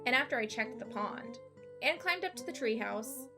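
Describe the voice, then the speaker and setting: A woman's voice: a little high, lively intonation, over music. A woman doing a nerdy eager kid boy. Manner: nasal nerdy voice, talking fast.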